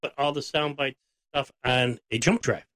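A man's voice: mid-range voice, steady tone, sharp tone, no room sound. A man co-hosting a tech radio show, giving a caller step-by-step advice. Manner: gives step-by-step advice, deliberate. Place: radio studio.

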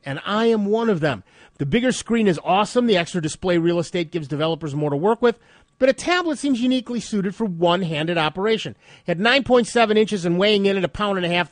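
Male radio tech host, stuffed-up, higher pitch, dry close sound, wry and chatty. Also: dry recording. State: stuffed up nose. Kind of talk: radio tech talk and news reading.

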